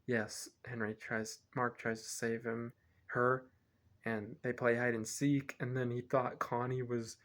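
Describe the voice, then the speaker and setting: A man's voice: mid-range voice, flat delivery, unhurried, a bit bright. A man reviewing a film, retelling its plot casually in a rambling way and often correcting himself. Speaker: movie reviewer.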